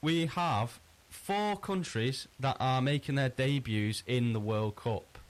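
A man's voice: mid-range voice, slow pace. Easygoing man running a casual quiz. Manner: chatty, easygoing, frequent restarts. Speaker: quizmaster. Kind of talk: casual podcast chat.

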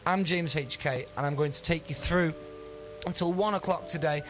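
A man in his thirties hosts a radio show in a chatty, self-mocking way. His voice sits a touch higher than most men's. Faint music plays behind him. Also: moderate pace, rough recording. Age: 30s. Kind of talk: radio presenting.

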